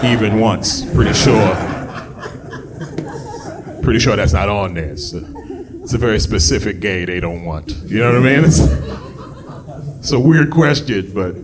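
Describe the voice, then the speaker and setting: A man doing a stand-up comedy set on a club stage, jumping from low muttered asides to loud, high shouted bits. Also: background noise. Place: comedy club stage before a live audience. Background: audience laughter.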